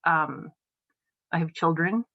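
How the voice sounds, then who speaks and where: A podcast guest in her forties, a New Englander with a Boston-area accent, shares a personal recovery story earnestly and emotionally, often saying "um." Her slightly low, gravelly voice moves slowly, and the dry, somewhat dull sound resembles a remote call mic.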